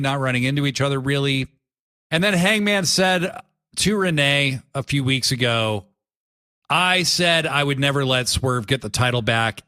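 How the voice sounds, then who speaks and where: Bright, animated male podcast host. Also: a little high. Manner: animated, storytelling. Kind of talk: casual chat.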